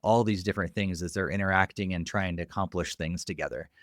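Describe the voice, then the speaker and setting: A man with a low voice hosts a podcast interview, backing his guest with steady affirmations before asking follow-up questions. His voice sits dry and close to the mic. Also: fast talker, dry recording. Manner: affirming listener, frequent "mm" and "yeah". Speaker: podcast host.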